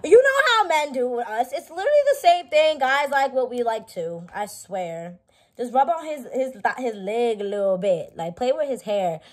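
A woman's voice: fairly high pitch, normal speed. A young woman vlogging in a blunt, profane, joking casual chat. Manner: blunt, profane, animated, jokey.

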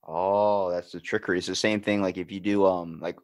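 A man hosting a podcast in casual chat, telling stories with animated quoted voices and cursing. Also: sits low, fairly quick, dry recording. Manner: animated storyteller, acts out quotes, swears. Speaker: podcast host.

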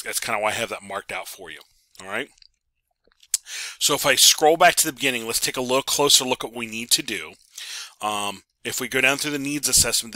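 A man's voice: fairly low pitch, pushed and bright, no room sound. A man teaching a networking class over a screen recording, talking casually with many ums and repeated words. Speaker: networking instructor.

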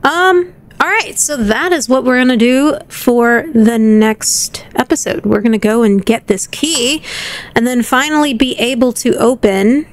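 Chatty high-voiced woman gaming host. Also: measured pace. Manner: chatty, theatrical, self-mocking. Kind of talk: gameplay commentary.

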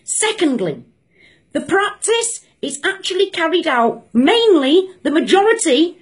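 A woman rants to camera with a high voice that leaps all over the place. She sounds indignant and emphatic, hammering her points home by repeating phrases. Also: very animated, a little slow. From Britain. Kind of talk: angry opinion rant to camera.

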